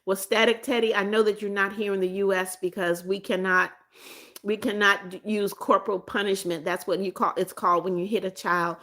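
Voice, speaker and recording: A woman's voice: medium pitch, little pitch movement, fairly quick, fairly bright tone. A woman who used to teach, hosting a casual live stream where she reads viewer comments aloud and answers them with repeated greetings and frequent restarts.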